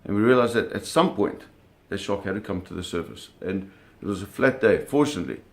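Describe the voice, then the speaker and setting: A middle-aged man casually telling a story, animated, with sound effects and acted quotes. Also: on the low side, brisk. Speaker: storyteller recounting a fishing trip.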